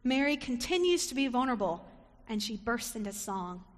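A woman's voice: a little high, sing-song, normal speed. A woman preacher giving a reflective sermon, sometimes acting out short quoted lines. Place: church sanctuary. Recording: long reverb of a sanctuary.

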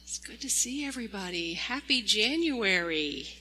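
Woman pastor, bright voice in echoey church. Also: medium pitch, animated, normal speed, slightly rough. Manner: gentle storytelling to children. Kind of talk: children's sermon. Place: large church sanctuary.

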